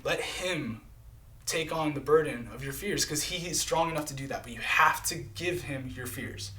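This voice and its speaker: A man's voice: on the high side, normal speed, sharp tone. A man preaching a live-streamed sermon in an earnest, conversational way, often checking in with "right?" and "okay?".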